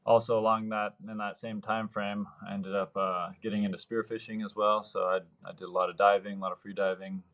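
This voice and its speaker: A man's voice: on the low side, little pitch movement, brisk, few pauses, highs cut off. A man in his thirties, a surf fishing guide, telling long rambling stories in a casual interview and acting out the voices of the people he quotes. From Mexico, Baja California Sur. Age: 30s.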